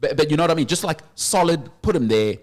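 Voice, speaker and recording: Guy hosting sports radio, animated, lots of banter. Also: fairly high pitch. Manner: animated, banter-driven, quick asides. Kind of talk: casual sports talk radio.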